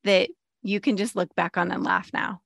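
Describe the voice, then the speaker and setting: A woman's voice: medium pitch, flat delivery, moderate pace, creaky, fairly bright tone, no room sound, studio quality. A woman hosting a podcast interview, laughing often and offering encouraging responses. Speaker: podcast host. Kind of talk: casual interview chat.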